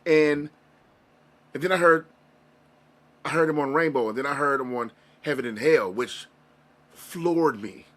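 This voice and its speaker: A man's voice: on the high side, a little slow, long pauses, a bit bright. A man being interviewed, telling a personal story in an earnest, rambling, emotional way with frequent restarts. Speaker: interview guest, music reaction creator. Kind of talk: casual interview conversation.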